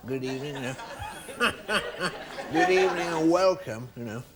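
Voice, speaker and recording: A man doing a quick impression of a jovial, chuckling older male comedian on a chat show. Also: on the high side, expressive, a loud crowd, voice pushed up, close to an everyday voice. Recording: hissy old TV tape.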